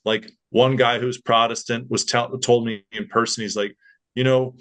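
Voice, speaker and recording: A young man appears as a podcast guest, telling a story in casual conversation at a normal speed with a mid-range voice. He's animated and acts out the voices of the people he quotes.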